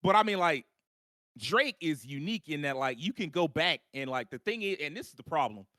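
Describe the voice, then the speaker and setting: Bright-voiced animated man in casual chat. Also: a little high, fairly quick, no echo, clean studio sound. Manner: animated, talks in long runs with "like" and quoted voices. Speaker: podcast co-host. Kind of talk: casual live-stream chat.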